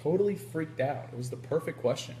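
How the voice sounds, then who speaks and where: A man with a fairly high voice, hosting a live stream. His pitch swings widely as he tells animated stories and acts out other people's lines. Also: a little fast, a little hiss or hum. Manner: animated storyteller, acts out quotes. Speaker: interviewer livestreaming. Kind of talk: casual live-stream interview. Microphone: handheld camera.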